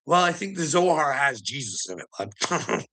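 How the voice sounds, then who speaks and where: A man's voice: on the high side, big pitch swings, normal speed, a bit bright, poor audio. A man talking in a rambling, sardonic monologue, laughing often and swearing as he goes. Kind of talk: casual conspiracy commentary monologue.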